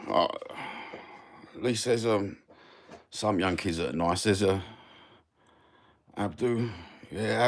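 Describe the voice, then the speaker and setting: An older man with a Cockney London accent hosts a casual live chat and answers viewers in a rambling, friendly way, often saying "mate" and "brother". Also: lowish voice. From England. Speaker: live stream host.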